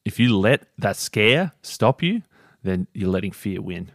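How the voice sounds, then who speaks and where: A man's voice: lowish voice, sing-song, measured pace, no echo, studio quality. A man co-hosting a podcast, retelling anecdotes in an easygoing, casual way. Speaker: podcast co-host. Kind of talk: casual book discussion.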